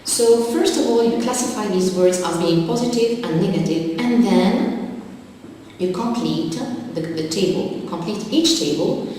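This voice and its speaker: A woman teacher works through vocabulary at an unhurried, methodical pace. Her voice sits a little low and rings with a long echo, as if recorded from a distance in a large room. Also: dark tone, slight background noise. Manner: slow, methodical, dictating word lists. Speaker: English teacher. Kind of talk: exam-prep lesson. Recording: echoey hall, distant mic.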